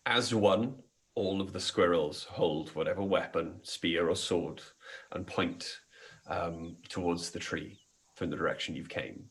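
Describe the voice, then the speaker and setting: A man running a tabletop game as game master, describing scenes in measured narration with frequent ums. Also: deep voice, a bit bright, rough recording.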